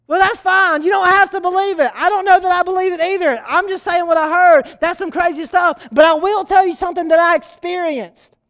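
Male youth pastor, high-pitched, animated storytelling sermon delivery. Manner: animated storytelling preacher, repeats key phrases.

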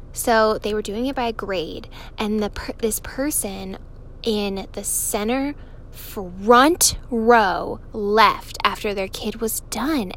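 A woman's voice: a little high, fairly bright tone, slight background noise. A woman in her thirties from California, telling a personal story to viewers in a chatty way, swearing freely and laughing often.

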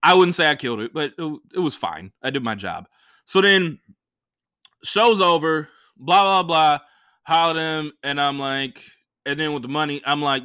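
A man, a stand-up comedian, telling a profane story in a casual, animated way and acting out what other people said. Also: on the high side, normal speed, clean tone, no echo, clean studio sound.

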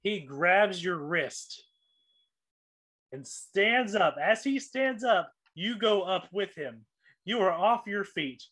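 A man's voice: high-pitched, expressive, takes it slowly, fairly bright tone, slightly rough, no echo. A man narrating as game master of a tabletop game, loose and laughing between lines.

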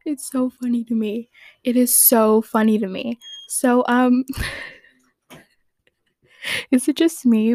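A woman's voice: fairly high pitch, a little mellow, no echo. Giggly, rambling woman podcast host. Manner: rambling, giggly and playfully opinionated. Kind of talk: casual fan recap chat.

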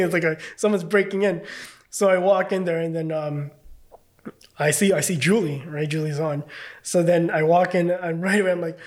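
Chatty man with a higher voice. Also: steady tone, moderate pace. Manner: loose and chatty, many fillers and swearing. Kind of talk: casual storytelling.

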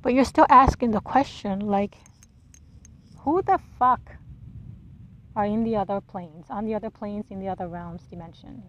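A woman's voice: medium pitch, fairly even intonation, a little fast, few pauses, a bit bright, muffled recording. A woman hosting a solo podcast, talking bluntly and with exasperation, swearing freely and firing off rhetorical questions. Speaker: podcast host. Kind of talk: casual solo monologue.

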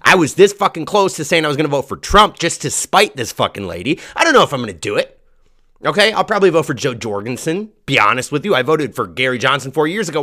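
A man's voice: a little high, pushed and bright. A comedian hosting his podcast from a home basement, ranting crudely and angrily. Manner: angry, crude, exasperated ranting. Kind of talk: profane ranting monologue.

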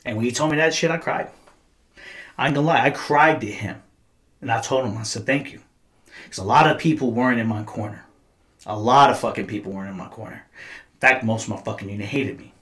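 A man's voice: mid-range voice, brisk, long pauses, a bit bright. A man in his thirties, a podcast host, telling stories in casual, profane, slangy chat. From United States.

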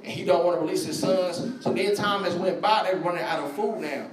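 A man's voice: sits high, a little fast, over a noisy crowd. A man preaching a sermon in slangy, conversational speech, talking straight to his congregation. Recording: echoey room, voice from far off.

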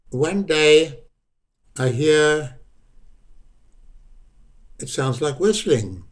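This is an older man with a South African accent, speaking as a guest in an interview. He tells his story at a very slow, deliberate pace with a voice of middling pitch. He often circles back and repeats a word to give it weight. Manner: unhurried, repeats words for emphasis. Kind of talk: reflective personal storytelling.

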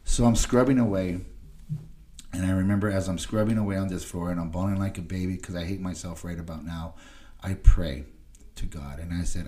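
A man with a fairly low voice tells a raw personal story as a podcast guest. He speaks with emotion, repeats and restarts words as he goes, and keeps tossing in a quick "right?" to the host. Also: dark tone. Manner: emotional, tag questions "right?" between phrases. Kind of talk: candid recovery storytelling.

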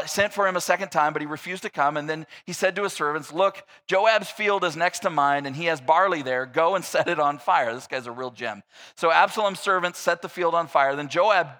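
Bright, lively male preacher. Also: on the high side. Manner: animated, acts out scripture characters in a mocking voice. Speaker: pastor. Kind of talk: sermon.

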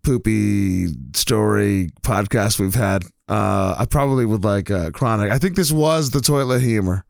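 A man hosting a casual podcast, telling stories in a rambling, halting way with lots of fillers and restarts. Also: fairly low pitch, gravelly, a little mellow, no echo, studio quality. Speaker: podcast host.

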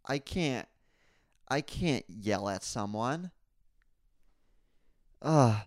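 A young man hosting a casual solo podcast, telling rambling stories full of crude jokes and swearing, and getting louder and higher when he is worked up. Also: expressive, extremely slow, no echo, clean studio sound. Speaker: podcast host.

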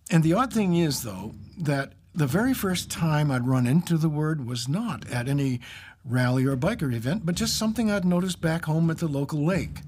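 A man's voice: medium pitch, darkish tone, a little hiss or hum. Wry, self-mocking male storyteller. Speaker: English teacher. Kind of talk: personal story narration.

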